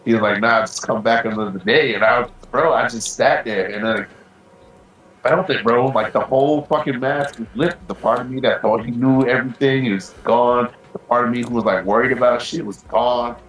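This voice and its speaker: A man's voice: medium pitch, normal speed, a bit bright, echoey room, low-quality recording. A man co-hosting a podcast, telling a long story casually, swearing freely and peppering it with "bro". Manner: profane, rambling storytelling with lots of "bro". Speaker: podcast co-host.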